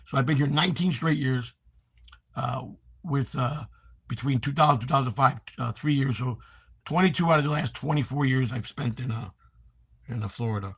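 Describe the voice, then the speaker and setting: A man in his fifties from Chicago with a Chicago accent, hoarse, chatting casually on a livestream and reading viewer comments in a rambling, halting way. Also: mid-range voice. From Chicago, USA. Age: 50s. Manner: rambling, halting with many fillers. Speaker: livestream host. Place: home in Florida.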